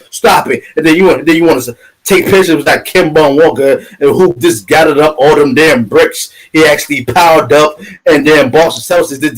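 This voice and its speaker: High-voiced New man ranting about sports. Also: poor audio. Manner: ranting, profane, trash-talking. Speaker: podcast co-host. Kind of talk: heated sports talk.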